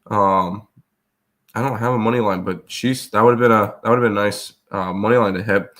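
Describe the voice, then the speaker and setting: A man hosting a live sports betting show, congested and rough-throated, recapping results in a rambling way full of fillers. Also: lowish voice, steady tone, moderate pace, fairly bright tone. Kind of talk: casual live-stream chat.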